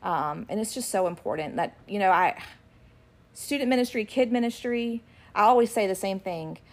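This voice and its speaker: A middle-aged woman co-hosting a podcast, chatting and telling lively family stories about her kids in an animated way. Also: medium pitch, moderate pace. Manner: animated, acts out her kids' voices when retelling. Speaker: podcast co-host and ministry worker. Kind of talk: casual chat with storytelling.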